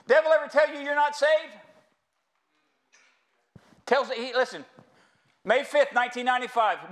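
In a church sanctuary, a middle-aged American man preaches with humor and homespun storytelling, calling his listeners y'all. His voice is very high and a bit bright.

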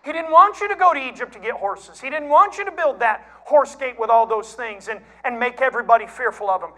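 A folksy pastor preaches with animated storytelling. His voice sits high, and it moves from quiet, hushed stretches to louder, pushed passages. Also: fairly quick. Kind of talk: sermon.

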